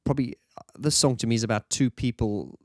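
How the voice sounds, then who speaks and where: A man's voice: mid-range voice, quick pace, no echo, clean studio sound. A man reviewing an album in a casual, enthusiastic, rambling monologue.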